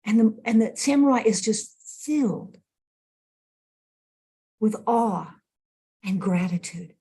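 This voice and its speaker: Woman minister, sermon delivery; slow and husky, expressive storyteller. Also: a little high.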